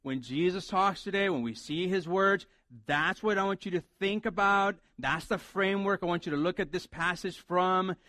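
A man's voice: high voice, bright, forceful tone, dry recording. A man preaching a sermon as a pastor, talking conversationally and animatedly and acting out the lines he quotes.

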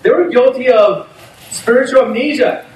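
A man with a high voice gives a lively, chatty sermon, laughing at his own points. He is picked up from some distance in an echoey room with a faint hiss underneath. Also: moderate pace. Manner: animated, conversational preaching with laughs. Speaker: pastor.

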